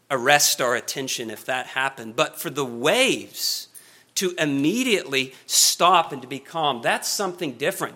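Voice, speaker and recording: A man preaching an expository sermon, earnest, slowing and speeding up for emphasis. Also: on the high side. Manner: earnest, varies pace and loudness for emphasis.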